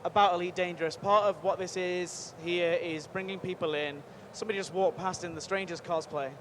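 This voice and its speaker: A man hosting a live stream from a busy convention booth, chatty and energetic, rambling with quick restarts. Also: high voice. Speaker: livestream host at a game convention booth. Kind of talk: upbeat live event hosting. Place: busy convention show floor. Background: faint crowd noise.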